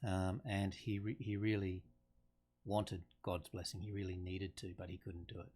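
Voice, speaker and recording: A man's voice: low-pitched, little pitch movement, moderate pace, darkish tone. A man teaching a lesson on a play in a conversational way, thinking aloud with fillers and restarts. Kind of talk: casual lesson explaining a play.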